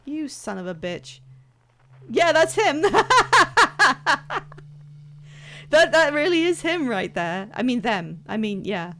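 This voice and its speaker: Woman streamer, casual game commentary, fairly high-pitched, chatty and swearing. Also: very animated, measured pace. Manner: chatty, swearing, laughing often, reacting to chat.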